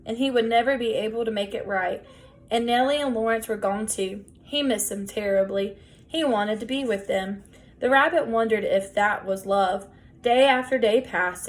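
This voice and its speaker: A woman reading a children's novel aloud in a gentle, measured storytelling voice. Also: mid-range voice. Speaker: audiobook reader.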